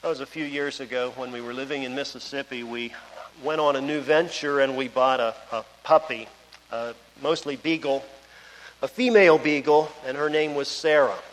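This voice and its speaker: A man's voice: medium pitch, fairly even intonation, moderate pace. A male preacher giving a sermon in a conversational, storytelling manner, recorded in a church or large hall. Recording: long hall reverb.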